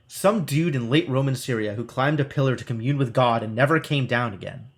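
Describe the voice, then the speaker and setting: A man's voice: medium pitch, fairly quick, hardly any pauses. A man streaming live, reading a gamebook aloud with wry asides as he plays.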